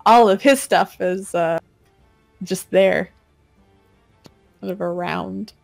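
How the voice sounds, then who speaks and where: Woman, game master, casual halting narration, dry close sound. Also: medium pitch, creaky, no room sound, faint music behind.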